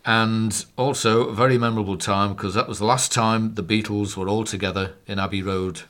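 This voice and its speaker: A man's voice: fairly low pitch, steady tone, brisk, fairly bright tone. A man co-hosting a podcast, chatting casually with dry, jokey asides. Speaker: podcast co-host.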